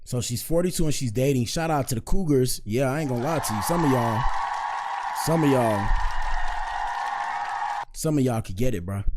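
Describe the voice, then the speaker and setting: A man's voice: medium pitch, animated, normal speed, long pauses, a loud crowd, very noisy. A man hosting a casual commentary show, joking around and rambling as he talks straight to his viewers. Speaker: host.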